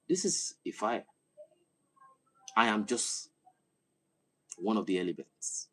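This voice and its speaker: A Nigerian man's impassioned political monologue to camera, in his Nigerian accent, grows into loud and forceful oratory. He has a lowish, husky, expressive voice and takes his time, pausing often.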